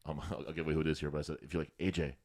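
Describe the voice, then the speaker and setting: Fast-talking deep-voiced guy. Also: monotone, darkish tone. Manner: swearing, laughing storyteller. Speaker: podcast co-host. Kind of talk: casual chat.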